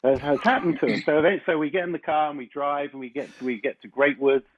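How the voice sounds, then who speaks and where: A man guest on a chat show, telling a long rambling anecdote in a casual, animated way. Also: a little high, fast talker. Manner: rambling storyteller, animated when recounting. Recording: slightly muffled lo-fi audio with faint noise.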